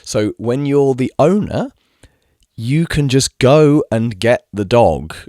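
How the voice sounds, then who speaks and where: A man's voice: medium pitch, animated, slow, darkish tone, no echo, clean studio sound. A man telling a story to the camera in a casual, agitated rant, full of fillers, restarts and swearing. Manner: swears freely. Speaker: vlogger.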